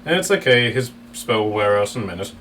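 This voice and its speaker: A man's voice: on the low side, lively intonation, brisk, fairly bright tone, slight background noise. A man running a tabletop game as dungeon master, narrating with a giggly, rambling delivery full of fillers.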